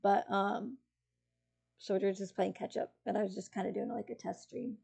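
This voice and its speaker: A woman streamer chats with her live viewers in a gravelly, mellow voice. She rambles and giggles, trailing off and restarting her sentences. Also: medium pitch, flat delivery, moderate pace. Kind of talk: casual chat with live chat.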